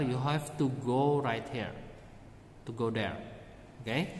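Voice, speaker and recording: A man teaching a recorded math lesson, explaining each step slowly and checking in with "okay". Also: medium pitch, a little mellow. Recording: echoey room with faint background noise.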